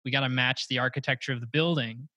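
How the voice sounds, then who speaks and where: Male podcast co-host, bright tense tone, chatty rambler, quick to laugh. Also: mid-range voice, fairly even intonation, dry recording. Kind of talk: casual chat. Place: office with arched windows.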